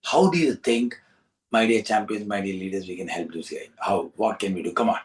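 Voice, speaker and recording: Animated storyteller, distant mic. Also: male voice, on the low side, a little fast. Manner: animated, repetitive, coaxing. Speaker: storyteller and host. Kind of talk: storytelling to young listeners.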